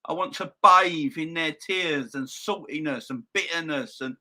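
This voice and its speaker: A young man hosting a football fan channel, ranting loudly and excitably with plenty of swearing. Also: on the high side, a little slow, hardly any pauses.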